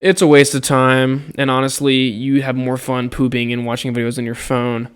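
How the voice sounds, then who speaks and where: A man's voice: mid-range voice, flat delivery, normal speed, clear, resonant tone. A young man casually recounting a college dorm argument, exasperated, swearing freely and acting out what others said. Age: young adult. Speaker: college student telling a story. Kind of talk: casual storytelling to camera.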